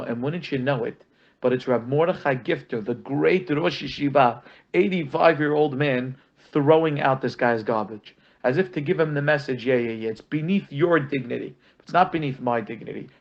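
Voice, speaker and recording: A man of ordinary pitch teaches a marriage lesson in a loose, conversational style, leaning on fillers and lively anecdotes. The audio is somewhat dull and lo-fi. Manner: conversational, many "you know" fillers, animated storytelling. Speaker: rabbi teaching a marriage course. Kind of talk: informal lecture with anecdotes.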